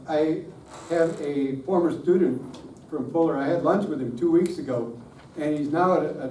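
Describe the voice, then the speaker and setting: Picked up by a distant room mic with faint hiss and a roomy sound, a middle-aged man speaks at a worship conference. His mellow voice is a little high, and he's self-deprecating, joking with the crowd and teasing himself.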